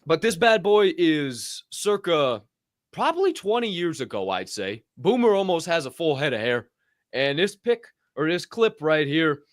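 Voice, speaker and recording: A man co-hosting a podcast in casual chat, animated and quick to laugh. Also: a little high, no echo, clean studio sound. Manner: animated, breaks into loud laughter. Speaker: podcast co-host.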